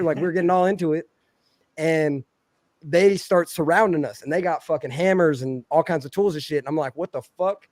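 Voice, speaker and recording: A man's voice: a little high, fairly quick, no room sound. A man telling a long, profane story on a casual podcast, acting out the people he quotes. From Philadelphia. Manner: profane, animated, acts out quoted voices loudly.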